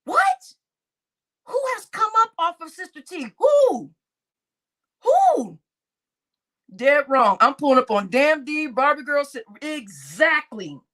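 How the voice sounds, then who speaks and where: Woman w hosting a stream, bright lively voice, really animated. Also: sits high, takes it slowly. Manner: animated and exclaiming, laughs often. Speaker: live-stream host reacting to clips. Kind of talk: casual live-stream reaction chat.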